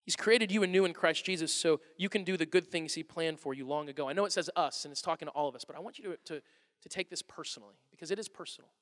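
A man in his thirties preaching a sermon as a pastor, animated and acting out quotes in different voices. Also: on the high side, quick pace. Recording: long reverb of a large hall.

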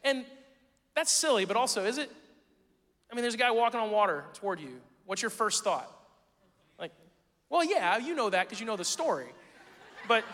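A man preaching a sermon in a church, joking and conversational, swinging between loud emphasis and hushed tones. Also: high-pitched, in a large hall. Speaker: pastor. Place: church sanctuary.

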